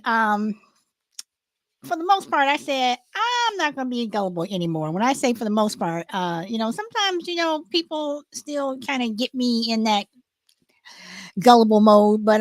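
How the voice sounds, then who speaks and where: A woman's voice: on the high side, dry recording. A woman hosting a casual live chat show, rambling with many restarts and fillers. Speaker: host.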